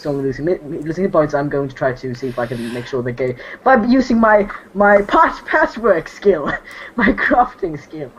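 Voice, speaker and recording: A woman playing a tabletop game, asking halting questions full of fillers. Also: deep voice, expressive, low-quality recording. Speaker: player.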